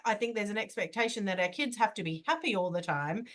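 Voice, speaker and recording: An older woman hosting a parenting podcast, telling stories in an animated, conversational way. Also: mid-range voice, fast talker. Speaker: podcast host and coach.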